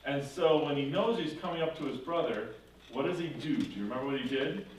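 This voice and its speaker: A man's voice: mid-range voice, a little fast. Man teaching, echoey and distant. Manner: animated retelling, acting out characters, self-correcting. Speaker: confirmation class teacher. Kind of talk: classroom storytelling. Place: church classroom. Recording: echoey room from far off with faint noise.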